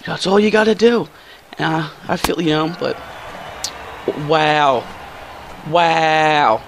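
A young man giving casual, slangy commentary over his own baseball video game play, often jumping into excited yelps. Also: slow, background noise. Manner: excitable, slangy, jumps to high squeals when thrilled. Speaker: gaming YouTuber.

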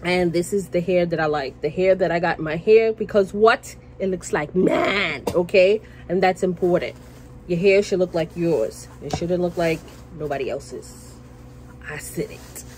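A woman's voice: lowish voice, moderate pace, a little hiss or hum, poor audio. A woman vlogging casually from her workplace, chatty and passionate, repeating herself and tagging her lines with "okay?". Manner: passionate, now and then gets loud. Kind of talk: casual chat to camera. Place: at work, indoors.

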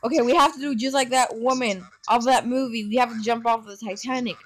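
A woman giving casual gameplay commentary on her phone, excitable and full of gasps and exclamations. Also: fairly high pitch, fairly quick. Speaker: gaming channel host. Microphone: phone microphone while screen recording.

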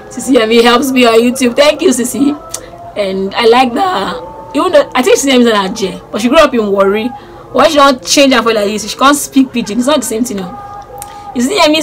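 A young Nigerian woman with a Nigerian accent, chatting excitedly on her vlog and repeating herself as she gushes about people she admires. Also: fairly high pitch, background noise. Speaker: YouTuber. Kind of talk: casual vlog chat.

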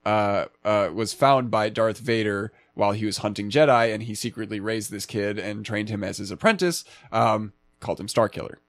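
A man's voice: on the low side, fairly even intonation, normal speed, hardly any pauses, dry recording. A man co-hosting a casual film review podcast. He thinks aloud with frequent restarts and has a dry, wry humor. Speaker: podcast co-host.

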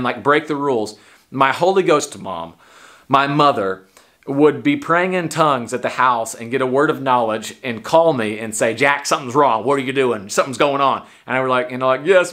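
Young Texan pastor preaching casually. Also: male voice, mid-range voice, pushed and bright. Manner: conversational preaching with many restarts and repeated words; quotes people and Jesus in short acted voices. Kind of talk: livestreamed sermon.

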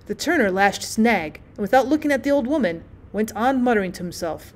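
A woman's voice: on the high side, animated, a little fast, hardly any pauses. A woman teacher narrating a classic short story as an audiobook reading.

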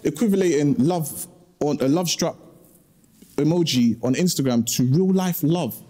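A man's voice: fairly high pitch, moderate pace, dark tone. A man in a couple's argument explaining his side, stumbling and restarting as he talks. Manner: hesitant, stumbling restarts, talking over her. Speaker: guest in a couple's dispute. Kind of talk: casual debate.

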